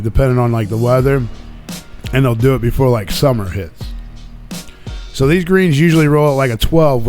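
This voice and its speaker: A man's voice: medium pitch, a little mellow. A man hosting a radio show, casually telling a long, profane, rambling story about a weekend away. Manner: profane, rambling, laid-back.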